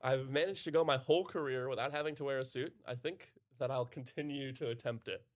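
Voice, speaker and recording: A man's voice: mid-range voice, fairly quick. A man from New York with an American accent, commentating live poker in a laid-back, easily amused way. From New York City.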